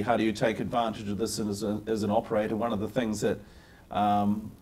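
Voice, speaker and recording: Husky-voiced male interviewer. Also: fairly low pitch, darkish tone. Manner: conversational, probing. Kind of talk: interview questions.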